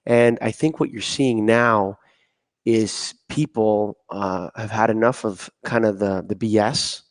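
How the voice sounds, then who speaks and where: A man's voice: on the low side, steady tone, takes it slowly, no room sound. Easygoing man hosting a podcast. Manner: easygoing, many fillers, acts out quotes. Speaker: podcast host. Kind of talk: casual interview. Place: conference venue.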